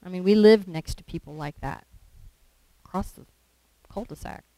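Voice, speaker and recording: A woman's voice: lowish voice, moderate pace, warm tone, no room sound, poor audio. Woman giving a conversational sermon. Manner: conversational, with rhetorical questions and acted quotes. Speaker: lay preacher.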